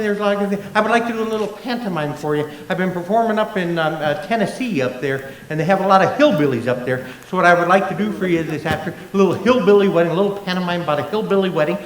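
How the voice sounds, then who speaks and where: A high-voiced man doing stand-up with a bouncy, swooping delivery. He banters and jokes with the audience in a roomy hall, a laughing crowd clearly heard behind him. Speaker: comedian. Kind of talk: stand-up comedy act. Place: convention stage before a live audience. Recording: roomy live venue sound with crowd. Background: audience applause and laughter.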